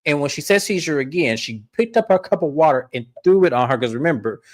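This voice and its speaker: A man hosting a casual reality-TV recap, telling the story in an animated, profane way. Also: on the high side, fast talker. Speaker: podcast host.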